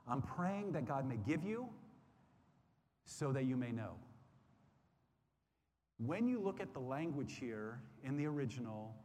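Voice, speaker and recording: A man's voice: mid-range voice, animated, moderate pace, long pauses, a little mellow. A man teaching a Bible study class, earnest and repetitive, often restarting his sentences with fillers. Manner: earnest, repeats phrases, many fillers and restarts. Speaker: Sunday school teacher. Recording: roomy hall with faint background noise.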